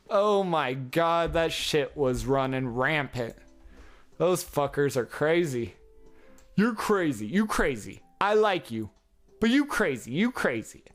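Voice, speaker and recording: A man's voice: on the high side, sing-song, slow, pauses often, soft background music. Rambling, foul-mouthed male podcaster. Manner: rambling, heavily profane, chuckles often. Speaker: podcast host. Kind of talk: casual solo podcast monologue.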